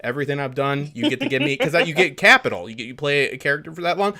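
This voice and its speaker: A man's voice: fairly high pitch, lively intonation, very fast, pushed and bright. An American man on a video call, chatting casually on a podcast panel, joking with mock outrage and swearing. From United States. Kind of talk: casual group chat.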